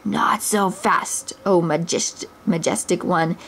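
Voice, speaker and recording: A woman's voice: lowish voice, slow pace, gravelly, a bit bright, slight background noise, full character voice. A woman voicing a big, bold male bear outlaw who mocks and threatens, in a storybook reading. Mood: mocking.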